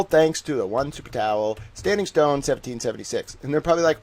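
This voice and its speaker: A man streaming live, reading profiles aloud and ranting with excitable, profane mock outrage. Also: medium pitch, fast talker, hardly any pauses. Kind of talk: live-stream commentary while reading online.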